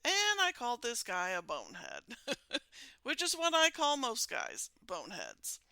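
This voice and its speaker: Older woman podcast host, bright lively voice, sarcastic and chatty, dry close sound. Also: a little high, unhurried, smooth, no room sound. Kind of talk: casual podcast monologue.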